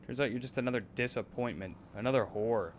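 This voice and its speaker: A bullying, abusive talent manager from a game, berating and menacing, as a man voices him. His voice sits at an ordinary middle pitch. A faint noise runs underneath. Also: fast talker, lightly acted. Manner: berating, menacing, then wheedling.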